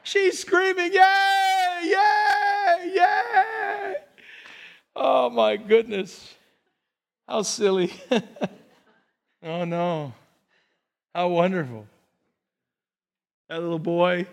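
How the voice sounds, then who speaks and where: An older man delivers a sermon in a church, his voice sitting high for a man. He tells his stories with animation and acts out the people in them. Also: slow pace, vocal fry, pauses often. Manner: animated storytelling, acts out scenes. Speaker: pastor.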